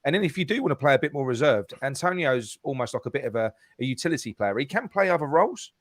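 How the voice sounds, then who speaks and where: Male co-host, rapid talker, animated, dry video-call sound. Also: mid-range voice, dry recording. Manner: quick, animated, prompts others to speak. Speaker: podcast co-host. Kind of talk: casual fan chat on a live stream.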